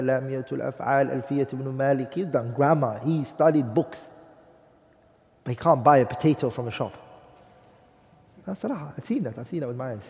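Emphatic man teaching a class, reverberant room. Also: medium pitch. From United Kingdom. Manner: emphatic, asks the class rhetorical questions; mixes Arabic terms into English speech. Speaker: teacher of an Arabic studies class. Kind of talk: classroom lecture. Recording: dull, reverberant classroom recording.

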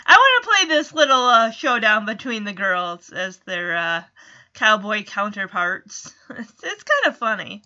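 A woman's voice: medium pitch, sing-song, unhurried, bright, forceful tone, muffled recording. A woman casually recapping a TV episode in a chatty way, full of "kinda" and "like".

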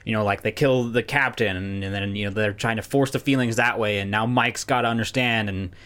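A man's voice: fairly low pitch, fairly even intonation, brisk, fairly bright tone, clear, resonant tone. A young man co-hosting a podcast, rambling through casual chat with lots of filler and free swearing. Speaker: podcast co-host.

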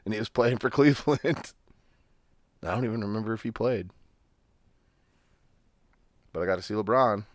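A man's voice: fairly low pitch, moderate pace, long pauses, dry recording, clean studio sound. A man co-hosting a podcast, chatting casually about sports in a rambling, profane, laid-back way. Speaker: podcast co-host.

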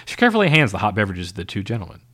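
A man's voice: lowish voice, wildly swooping pitch, racing, sharp tone. Man steadily reading a story. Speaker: narrator. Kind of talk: reading a novel aloud.

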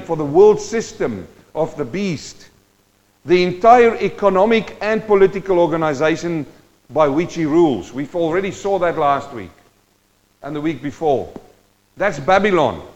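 A male preacher with a somewhat high voice delivers a sermon, turning from calm teaching to passionate, rising appeals aimed straight at his congregation. The sound rings with long reverb, as if in a large hall. The recording is slightly muffled and dull. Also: a little slow. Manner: swings from quiet teaching to loud impassioned exhortation; addresses the congregation directly.

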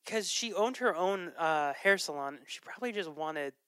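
A podcast host chatting casually about films, loose and digressive with frequent laughs and ums. The voice is bright and smooth, recorded dry and close with no room sound. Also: medium pitch, animated, moderate pace, no echo. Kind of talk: casual movie chat.

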